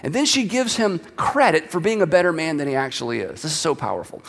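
A man's voice: a little high, sing-song, quick pace, hardly any pauses, fairly bright tone, long reverb tail. A man preaching a sermon, reading scripture aloud with dramatic emphasis. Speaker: pastor.

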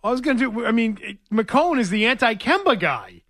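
High-voiced laughing sports radio host. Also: male voice, very animated, normal speed, a bit bright, dry recording, clean studio sound. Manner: laughs often, reads ad copy playfully. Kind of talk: casual sports radio banter.

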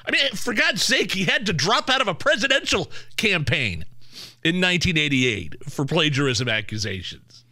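A man's voice: fairly high pitch, sing-song, moderate pace, sharp tone, no room sound, clean studio sound. A man co-hosting a political podcast, scoffing and exasperated in casual chat. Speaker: podcast co-host.

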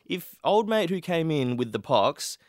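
A man's voice: on the high side, sing-song, measured pace, darkish tone, no echo, studio quality. A man, nasal from a cold, bantering and asking questions as podcast host. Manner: jokey, banters, asks questions. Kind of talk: casual chat.

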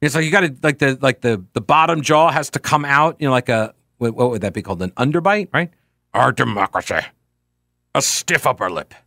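A man's voice: mid-range voice, lively intonation, fast talker, few pauses, a bit bright, no room sound, clean studio sound. A man hosting a political talk show, speaking casually and sarcastically while reading listener tweets aloud with frequent asides.

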